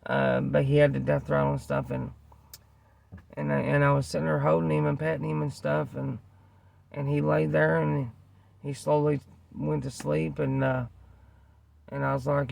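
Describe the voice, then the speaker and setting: A man's voice: on the high side, level tone, moderate pace, gravelly, long pauses, darkish tone. A man earnestly tells a rambling personal story to the camera, repeating himself and using many fillers. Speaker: vlogger telling a personal story.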